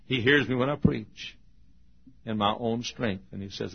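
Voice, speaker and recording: A male pastor preaching a sermon with emotional storytelling, swinging from hushed tones to shouts. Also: lowish voice, moderate pace, gravelly, husky. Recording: dull lo-fi sermon recording.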